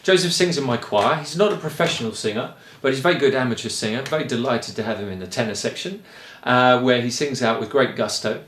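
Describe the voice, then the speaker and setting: A man from England with a Kent accent, a choir director explaining singing in a relaxed, rambling way with frequent ums. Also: mid-range voice, fast, echoey room, slight background noise. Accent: Kent English. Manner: chatty and rambling, with frequent ums and light laughs. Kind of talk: relaxed spoken lesson.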